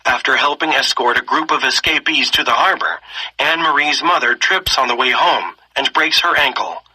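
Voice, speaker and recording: A man reading a story aloud expressively, pausing to pose lesson questions and slipping into voices for the characters. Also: mid-range voice, sharp tone, slightly rough, low-quality recording. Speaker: story reader.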